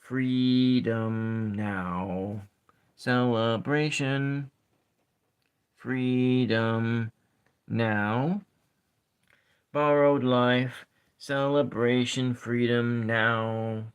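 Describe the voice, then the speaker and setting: A man hosting a soft-spoken ASMR poetry session, talking in a slow, halting way and counting syllables aloud. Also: medium pitch, fairly even intonation, clean tone, lo-fi sound. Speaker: ASMR channel host.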